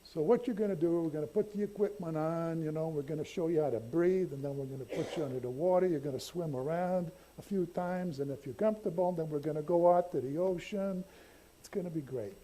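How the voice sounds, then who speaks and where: A man's voice: fairly high pitch, mellow, slight background noise, voice pushed up, lightly acted, low-quality recording. A man doing a brash New York scuba instructor. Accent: New York, put on. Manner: blunt, fast-talking, cab-driver swagger.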